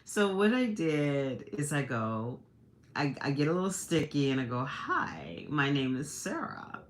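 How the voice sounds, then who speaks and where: A woman's voice: low-pitched, sing-song, unhurried. A woman hosting a livestream, telling a personal story in a chatty way, laughing often and restarting her sentences. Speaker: livestream host. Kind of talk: casual storytelling to a live audience.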